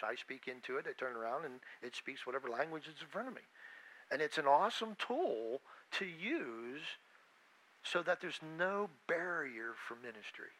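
Man, preacher, bright forceful voice, slightly high, conversational, restarts and asides. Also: poor audio. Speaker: hospital chaplain preaching. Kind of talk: informal sermon.

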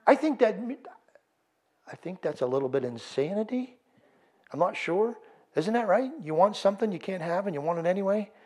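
A man's voice: high voice, lively intonation, normal speed, a little mellow. A man preaching a sermon as pastor, firing rhetorical questions and building in intensity. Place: church.

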